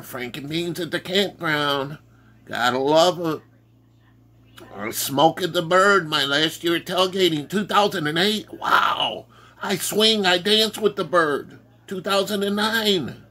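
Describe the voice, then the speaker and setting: A man's voice: on the high side, bright, forceful tone. A man from Detroit, narrating a photo slideshow in an upbeat, exclamatory way. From Detroit, Michigan. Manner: upbeat, exclamatory, keeps saying "oh". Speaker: vlogger.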